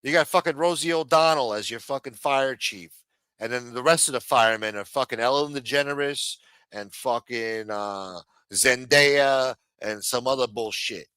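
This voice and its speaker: A man's voice: mid-range voice, moderate pace, sharp tone, clear, resonant tone, dry recording. Profane ranting middle-aged man. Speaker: show host. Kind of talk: ranting livestream commentary. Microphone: streaming microphone.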